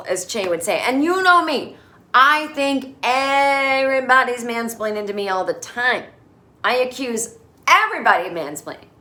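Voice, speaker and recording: A middle-aged woman hosting a casual comedic recap, sarcastic and animated, quick to mimic characters in exaggerated voices. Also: mid-range voice. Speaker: podcast host recapping a TV episode.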